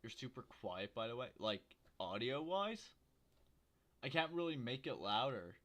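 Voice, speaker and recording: A man streaming a video game from home, chatting and joking with viewers in a rambling, casual way on a quiet desk microphone. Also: medium pitch, big pitch swings, unhurried. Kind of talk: casual livestream commentary while gaming.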